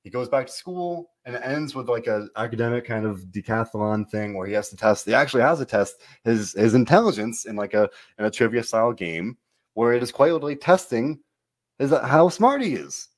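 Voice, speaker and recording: Rambling animated man recapping wrestling. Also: medium pitch, a little fast. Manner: rambling, animated, self-interrupting. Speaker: podcast host. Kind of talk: casual wrestling recap chat.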